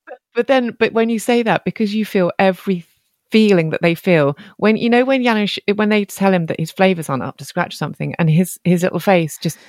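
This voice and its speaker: A woman's voice: medium pitch, fairly quick, darkish tone, no room sound, clean studio sound. A woman co-hosting a podcast, chatting expressively with frequent laughs. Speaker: podcast co-host. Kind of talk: casual chat.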